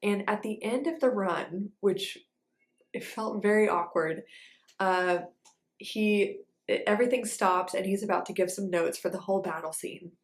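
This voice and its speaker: A young woman dancer telling a story in a casual, animated way, with lots of fillers. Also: medium pitch, a little slow. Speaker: ballet dancer and vlogger. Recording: echoey room.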